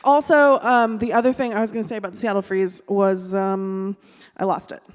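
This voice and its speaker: A woman in her thirties on a live panel, animated and self-mocking, acting out what people say. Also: medium pitch, normal speed. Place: large hall on stage. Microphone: stage microphone. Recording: reverberant hall.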